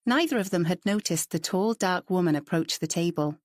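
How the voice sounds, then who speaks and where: A woman narrates a novel in a calm, even storytelling manner. Her voice sits low for a woman. The recording is close and dry. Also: moderate pace, hardly any pauses, dry recording. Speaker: audiobook narrator. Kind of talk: scripted narration.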